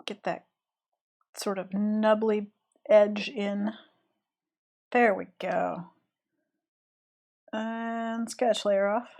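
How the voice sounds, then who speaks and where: A woman's voice: mid-range voice, very slow, pauses often. Southern American woman drawing on stream. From Southern United States. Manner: relaxed, thinking aloud, trailing off while concentrating. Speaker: streaming illustrator. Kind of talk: casual chat while drawing on stream.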